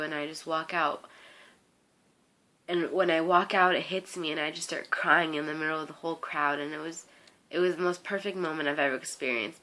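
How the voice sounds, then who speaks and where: A young woman telling a personal story to camera, excited and rambling, with many "like"s and restarts, earnest and heartfelt. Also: on the low side. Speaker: fan site runner.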